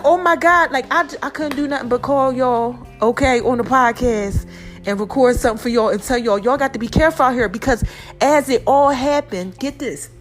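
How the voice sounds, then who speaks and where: In a high voice, a New Jersey woman in her forties tells a story on her own podcast. The monologue is casual, animated, emphatic, and full of slang.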